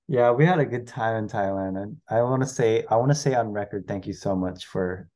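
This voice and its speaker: Easygoing low-voiced podcast host. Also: male voice, moderate pace, dark tone. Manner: easygoing, laughing along, brief replies. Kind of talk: casual chat.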